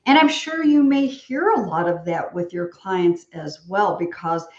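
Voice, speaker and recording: A woman hosting an interview over a video call, talking in an animated, rambling, frank way with jokes. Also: lowish voice, a little slow, reverberant, highs cut off. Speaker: podcast host. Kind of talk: casual interview chat.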